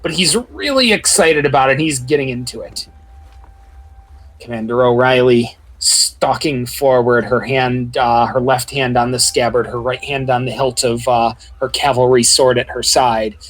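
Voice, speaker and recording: A man's voice: mid-range voice, moderate pace, fairly bright tone, low-quality recording. A man narrating a tabletop game as game master, rambling and full of filler words.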